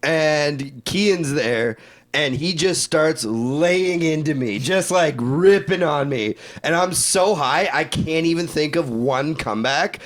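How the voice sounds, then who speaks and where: A man's voice: fairly high pitch, slow. A young man, a podcast co-host, telling a casual, profane story with side remarks among friends. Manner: loose, profane, fond of asides.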